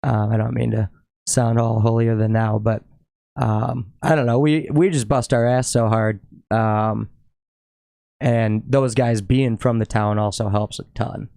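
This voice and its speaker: A man's voice: lowish voice, steady tone, measured pace, gravelly, dark tone, dry recording, studio quality. A young man from Minnesota, a drummer guesting on a podcast, chatting casually and swearing often. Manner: laid-back, swears often, says yep a lot. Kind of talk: casual chat.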